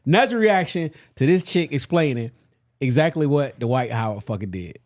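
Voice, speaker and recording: A man's voice: medium pitch, animated, moderate pace, darkish tone, no room sound. Man, podcast host, blunt joking chat, dry dead sound. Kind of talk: casual chat.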